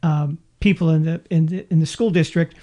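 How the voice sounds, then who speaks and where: A man's voice: a little high, brisk. A man co-hosting a casual podcast chat, rambling and acting out quotes as he tells stories. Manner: rambling, animated storyteller with acted-out quotes. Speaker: podcast co-host.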